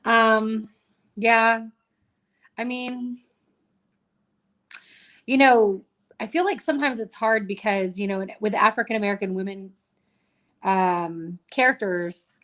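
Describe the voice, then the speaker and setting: A woman in her thirties talks through her thoughts on a novel in a relaxed, rambling way. She circles back often and leans on fillers as she goes. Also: medium pitch. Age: 30s. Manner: rambling, many fillers and restarts. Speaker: co-host. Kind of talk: casual book chat.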